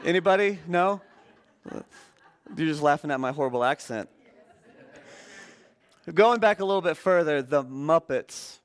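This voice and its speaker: A man preaching as a guest speaker in a relaxed, conversational sermon, joking with the congregation and using many fillers. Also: fairly high pitch, unhurried, long pauses, clear, resonant tone. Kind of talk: casual sermon.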